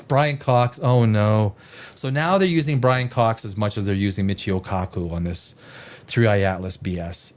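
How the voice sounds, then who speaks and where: A man's voice: medium pitch, sing-song, unhurried. A man hosting a live stream, reacting to headlines with sarcastic, rambling casual commentary.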